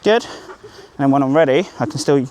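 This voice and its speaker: A man's voice: mid-range voice, animated, moderate pace, a little mellow, slight background noise. A man working as a dog trainer, coaching an owner outdoors on a group walk. He is upbeat and encouraging, with sing-song praise for the dog.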